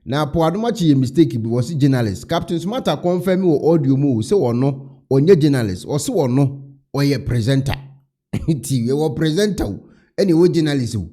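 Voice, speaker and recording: A male vlogger recounts events in casual, gossipy commentary. His voice is mellow and dark. It sits at a middling pitch. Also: expressive, moderate pace.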